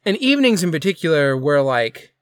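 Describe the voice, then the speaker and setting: A man co-hosting a casual podcast, talking haltingly about his old coffee shop job, with many fillers. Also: on the high side, sing-song, smooth, dry recording, studio quality. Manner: rambling, hesitant, with many fillers. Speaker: podcast co-host; former coffee shop worker. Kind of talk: casual chat.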